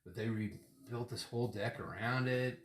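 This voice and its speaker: A man's voice: mid-range voice, normal speed. A middle-aged man hosting a casual chat during a tequila tasting, rambling and laughing often. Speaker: podcast host. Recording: echoey room.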